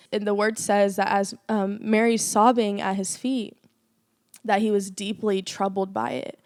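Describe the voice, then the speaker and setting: A woman's voice: mid-range voice, little pitch movement, moderate pace, darkish tone, no echo, studio quality. A young woman co-hosting a faith podcast, telling a personal story in earnest casual chat with lots of fillers. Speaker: podcast co-host.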